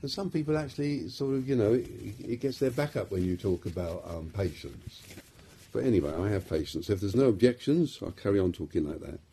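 Rambling London-accented man, mellow voice. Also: fairly low pitch, expressive, a little fast, slightly rough. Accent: London English. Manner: rambling, self-deprecating, many fillers. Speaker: psychiatrist giving a talk. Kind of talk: informal talk to a group.

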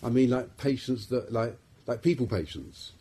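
Rambling London-accented man, mellow voice. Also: mid-range voice, normal speed, slightly rough. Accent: London English. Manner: rambling, self-deprecating, many fillers. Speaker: psychiatrist giving a talk. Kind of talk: informal talk to a group.

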